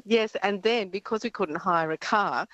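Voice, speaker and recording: A middle-aged Australian woman calling in to a radio show, telling a travel story in a lively, chatty way with frequent laughs. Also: mid-range voice, moderate pace, dry recording. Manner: lively anecdotal, laughs often. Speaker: caller. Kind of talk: casual storytelling on the phone. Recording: muffled phone line.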